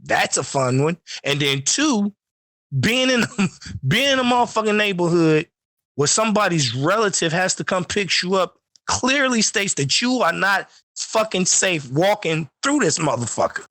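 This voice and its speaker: A man's voice: high-pitched, sing-song, measured pace, bright, forceful tone, no room sound. Profane storytelling man, dry close mic. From Chicago. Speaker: podcast host. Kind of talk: casual chat.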